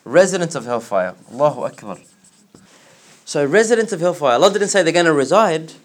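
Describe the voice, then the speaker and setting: A man teaching a religious class, explaining word by word and asking his students questions, with quick recited verses. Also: a little high, expressive. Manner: recites verses in rapid chant.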